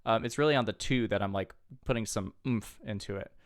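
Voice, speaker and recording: Brisk and somewhat low-voiced, this guitar teacher gives a relaxed lesson, counting beats out loud and patiently explaining chords. His guitar plays loudly beneath him.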